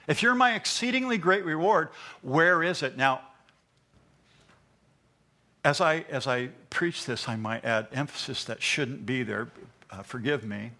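A male pastor preaching an impassioned sermon in church, swinging between loud emphasis and hushed asides, with stammered repeats. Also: a little high.

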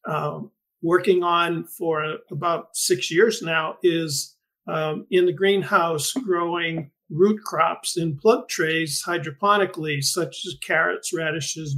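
A man's voice: a little high, fairly bright tone. A middle-aged man hosting an interview podcast, speaking thoughtfully with frequent restarts and fillers. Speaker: podcast host and greenhouse researcher. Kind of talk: conversational interview.

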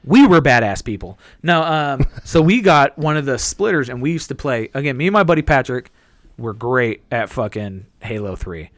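A man in his twenties chatting casually, telling rambling profane stories and jumping into high squeaky impressions. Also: expressive, normal speed, no echo, clean studio sound. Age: 20s. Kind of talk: casual chat.

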